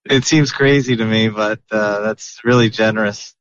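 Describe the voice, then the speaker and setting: A man's voice: lowish voice, steady tone, normal speed, dry recording. A man hosting a podcast in a chatty, casual way, with lots of fillers and restarts. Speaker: podcast host. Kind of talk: casual chat. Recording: muffled lo-fi audio.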